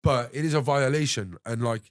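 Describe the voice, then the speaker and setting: A young man hosting a podcast, telling an animated story full of swearing and acting out what others said. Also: mid-range voice, fairly quick, no room sound, clean studio sound. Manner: animated anecdote-telling, swears freely, acts out others' lines. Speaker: podcast host. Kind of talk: casual storytelling chat.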